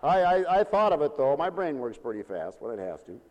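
A male preacher with a high voice that leaps all over the place, telling folksy stories in a sermon. His animated delivery rings out with a long hall reverb. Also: fairly quick.

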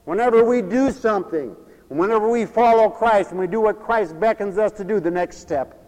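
A man preaching a lively sermon, animated and folksy, swinging between loud exclamations and hushed asides, with laughs between lines. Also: high-pitched, normal speed. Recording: long hall reverb.

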